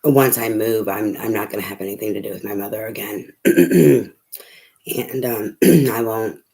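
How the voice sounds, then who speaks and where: Middle-aged male tarot reader, lowish voice, casual rambling monologue full of fillers, frank and unpolished. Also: steady tone, a little slow, vocal fry, dark tone. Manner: rambling, many fillers and restarts, frank with swearing. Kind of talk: casual personal talk to viewers.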